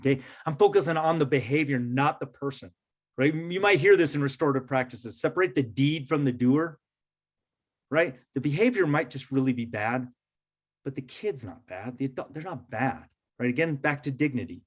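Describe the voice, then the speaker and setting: A man's voice: medium pitch, normal speed. A man leading a workshop for teachers, talking casually and checking in often with "right?". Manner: conversational, many fillers and "right?" check-ins. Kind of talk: casual presentation to educators.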